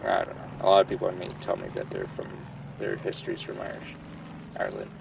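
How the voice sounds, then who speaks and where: Gravelly, rambling young gaming streamer. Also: male voice, low-pitched, big pitch swings, fast, distant mic, noisy background. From Canada. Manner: rambling, swears freely. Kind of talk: casual gameplay commentary.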